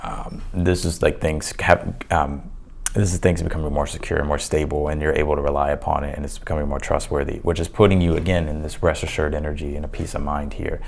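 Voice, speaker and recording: A man with a very low voice and a gravelly, fry-laden edge talks through a tarot spread for his viewers. He is loose and chatty, leaning on fillers and restarting his sentences, and sounds a little hoarse, as if he is losing his voice. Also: flat delivery, a little fast, darkish tone, slight background noise. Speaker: tarot reader. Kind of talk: casual tarot reading to camera.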